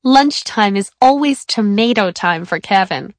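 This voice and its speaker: A kind, eager young schoolgirl, quick and reassuring, in a woman narrator's near-own voice. Close, dry storybook reading. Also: medium pitch, animated, dry recording, close to an everyday voice. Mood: friendly. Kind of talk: audiobook character voice.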